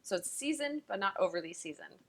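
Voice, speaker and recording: A woman's voice: mid-range voice, lively intonation, quick pace. A woman chef teaching a cooking lesson in a kitchen, chatty and enthusiastic, talking straight to the viewers.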